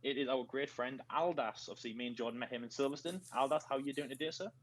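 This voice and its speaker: A man with a Northeast English accent hosts a casual group chat over a video call, rambling and joking as he introduces each guest. His pitch sits in an ordinary middle range, and a faint hum of room noise stays under the line. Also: fast talker, low-quality recording. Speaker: host.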